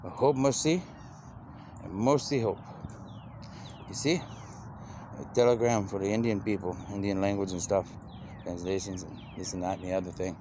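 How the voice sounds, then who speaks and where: A man's voice: sits low, steady tone, moderate pace, long pauses, noisy background. A man talking in a loose, rambling monologue, repeating "you know" constantly and drifting from idea to idea.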